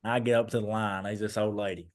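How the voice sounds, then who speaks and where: Young guy on a podcast, low voice, acting out the back and forth of a story. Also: fast. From Eastern Kentucky, USA. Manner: animated storyteller acting out dialogue. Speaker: guest, former basketball player.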